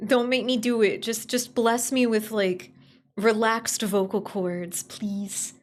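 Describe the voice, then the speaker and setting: A young woman streamer chatting casually with her viewers, rambling and giggling with sudden jumps in pitch, her voice a little strained from overuse. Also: steady tone, slow pace. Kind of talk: casual live-stream chat.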